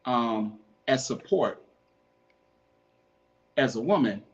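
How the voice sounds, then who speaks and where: Speaking slowly yet animatedly at a medium pitch, a man hosts a podcast with dull-sounding audio. He offers earnest relationship advice over and over in a relaxed, preachy manner, calling his audience "man."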